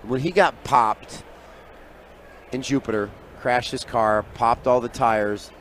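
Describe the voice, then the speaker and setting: A man's voice: mid-range voice, takes it slowly, a little hiss or hum. Man spinning a wild tale on radio. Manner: lively raconteur who acts out quoted voices, often trailing off quietly. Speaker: sports handicapper guest. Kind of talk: animated storytelling on sports radio. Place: live broadcast booth at a radio event.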